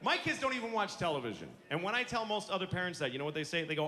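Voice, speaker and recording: Rapid-fire and with hardly any pauses, a middle-aged stand-up comedian launches into an exasperated, profane rant before a live audience. His high-pitched voice is very animated, bright and forceful, with audience laughter, room ambience and slight background noise.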